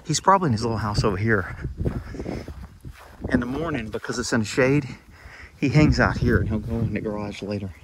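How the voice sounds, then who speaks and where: A man's voice: fairly low pitch, fairly quick, long pauses, noisy background. A man vlogging casually about his projects and his cat, rambling and profane. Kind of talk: casual chat. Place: outdoors by a yard and cat shack.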